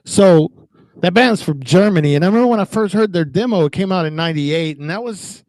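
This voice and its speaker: A man from Texas, a guest on a video call, telling stories in a profane, animated way. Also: high voice, brisk, dry recording. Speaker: guest, former record label owner. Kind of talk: casual chat on a video call.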